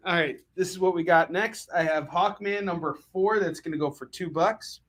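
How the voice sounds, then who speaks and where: A man's voice: fairly high pitch, normal speed, few pauses, bright, forceful tone. A man running a live comic book sale, full of puns and jokey sales patter.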